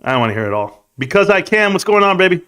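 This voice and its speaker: Animated middle-aged live-stream host. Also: male voice, high-pitched, quick pace, clear, resonant tone. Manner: animated, rambling, swings loud and soft. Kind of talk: casual live-stream chat, reading comments.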